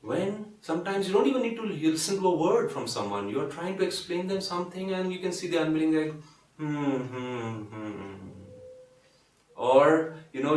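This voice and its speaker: A gentle Indian English man gives a spiritual talk in a story-telling way, slipping into the voices of the people he quotes. His voice sits a little high for a man. It sounds echoey and comes from a fair way off the mic. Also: distant mic. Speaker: spiritual speaker and doctor. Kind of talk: talk with stories.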